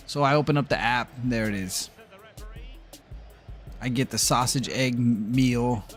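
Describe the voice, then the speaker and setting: A man streaming a football video game, chatting casually and telling a heated story with plenty of swearing. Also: medium pitch. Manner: animated ranting storyteller, swears freely. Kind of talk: casual live-stream chat.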